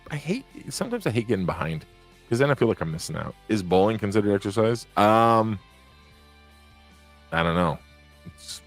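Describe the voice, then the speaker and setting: A man with a very low, deep voice hosts a loose live podcast, talking candidly and swearing now and then as he answers viewers. Faint guitar music plays quietly behind him. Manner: rambling, candid, swears, talks straight to viewers. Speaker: podcast host reading live chat. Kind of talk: casual live-stream chat.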